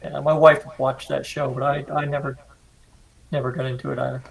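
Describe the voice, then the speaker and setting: A man's voice: medium pitch, flat delivery, fairly quick, vocal fry, over a noisy crowd, low-quality recording. A man chatting casually on a podcast, musing aloud in a wry way. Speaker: podcast guest. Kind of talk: casual chat.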